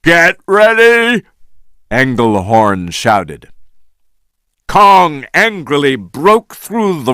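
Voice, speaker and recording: A man reading a story aloud for English learners, slow and deliberate. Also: mid-range voice, no room sound, studio quality. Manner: slow, deliberate, lively intonation. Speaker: story reader.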